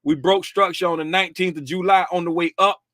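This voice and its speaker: A man's voice: high-pitched, fairly even intonation, fast talker, a bit bright, no echo, studio quality. A middle-aged man hosting a casual livestream about futures markets. He is chatty and slangy, greets viewers by name and laughs often. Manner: easygoing slangy talk.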